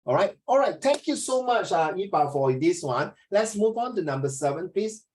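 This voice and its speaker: A middle-aged man with a Singaporean English accent, teaching an online class over a video call. He tells stories in a chatty, animated way and slips into Mandarin. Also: high voice, normal speed, low-quality recording.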